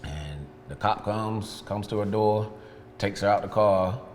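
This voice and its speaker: A little slow and fairly low in pitch, a detailing business owner frankly shares his past in a sit-down interview, retelling moments with quoted dialogue. Slight background noise, long reverb, and faint ambience fill the recording.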